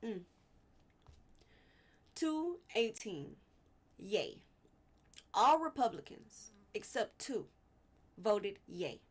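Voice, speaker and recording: A woman's voice: medium pitch, very animated, extremely slow, pauses often, slightly rough. A young woman hosting a live stream, talking casually about politics and getting worked up, repeating her questions. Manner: gets worked up, repeats questions, fussing then apologizing.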